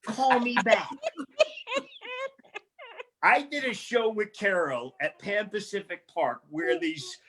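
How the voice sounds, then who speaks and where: A man doing a loud, rambling, profane stand-up set at a small comedy venue, acting out other people's voices. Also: high voice, very animated, measured pace, few pauses.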